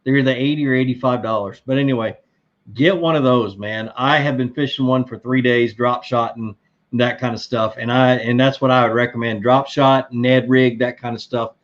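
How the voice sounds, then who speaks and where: A man's voice: mid-range voice, normal speed, muffled recording. A middle-aged man hosting a live fishing stream, chatting casually and answering viewer questions with many fillers and restarts. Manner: rambling, relaxed, lots of fillers and restarts. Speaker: fishing livestream host.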